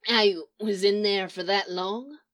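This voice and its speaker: A woman reading aloud, voicing a hoarse grown man with a dry sardonic drawl. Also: mid-range voice, fairly even intonation, slow, a bit bright.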